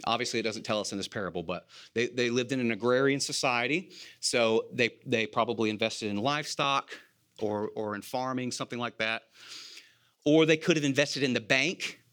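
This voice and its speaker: Male preacher, mid-pitched, conversational sermon delivery with rhetorical questions, repeats key lines, light self-deprecating humor. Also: a little fast, a bit bright, clear, resonant tone. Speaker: preacher, elder candidate.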